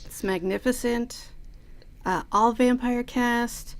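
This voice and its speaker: A woman co-hosting a podcast, chatting casually about a TV episode, playful and quick to swear. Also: a little high, steady tone. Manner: playful, swears freely, laughs often. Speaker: podcast co-host. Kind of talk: casual chat recapping a TV episode.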